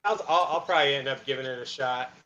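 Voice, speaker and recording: A man's voice: mid-range voice, fast, bright, forceful tone, highs cut off. A man chatting as a guest on a stream over voice chat, giving short, easygoing replies. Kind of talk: casual chat. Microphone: voice chat over Discord.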